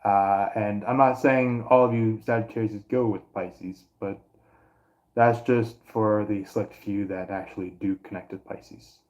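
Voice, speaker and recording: A man's voice: lowish voice, fairly even intonation, a little slow, a little mellow, lo-fi sound. A man doing a casual astrology reading to his viewers, rambling with many fillers and restarts. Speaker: astrology and tarot reader.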